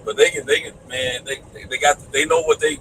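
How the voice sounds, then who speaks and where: A man tells a meandering story in a casual chat, his pitch jumping lively up and down. He sounds distant from the mic, with clear outdoor noise behind him. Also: brisk. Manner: rambling storyteller, many fillers.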